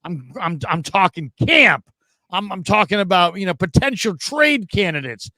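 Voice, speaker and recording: A man's voice: sits high, very animated, moderate pace, vocal fry, bright, forceful tone, no echo. A man hosting a sports call-in show, joking and rambling in casual chat. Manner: joking, rambling, playful teasing.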